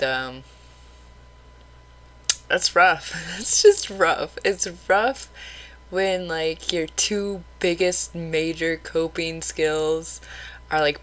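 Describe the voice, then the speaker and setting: Woman vlogger, candid rambler, bright voice. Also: sits low, poor audio. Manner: rambling, candid, self-critical. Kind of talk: casual late-night vlog.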